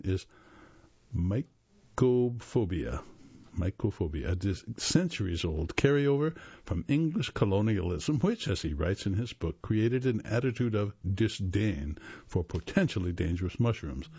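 A man with a low, slightly husky voice reads a magazine article aloud for a radio reading service. He keeps a steady, measured delivery and now and then stumbles and corrects himself. The recording is dry and close, with a dull lo-fi tone. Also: no echo.

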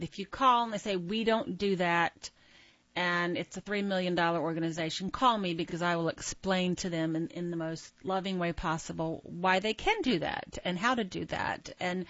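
A woman's voice: lowish voice, fairly bright tone, dry recording, muffled recording. A woman guest on a radio interview, upbeat and encouraging as she gives practical advice. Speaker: guest from an arts access group.

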